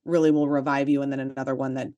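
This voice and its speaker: A woman's voice: very deep voice, level tone, very fast, dark tone, no echo, lo-fi sound. A woman co-hosting a podcast, telling a personal story in casual chat, with chatty "like" fillers and emphatic asides. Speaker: podcast co-host.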